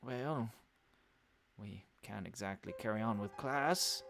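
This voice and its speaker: A man's voice: fairly low pitch, takes it slowly, creaky, a bit bright, a little hiss or hum. A man hosting a let's play, reading a visual novel aloud with wry, exasperated asides.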